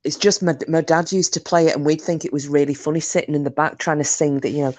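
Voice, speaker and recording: A woman with a lowish voice hosts a casual livestream, chatting loosely and giggling often. Her voice is close and dry, with no room sound around it. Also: fairly even intonation, fast, few pauses, a little mellow, no room sound. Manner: giggly, rambling, laughs often. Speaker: livestream host. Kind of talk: casual chat.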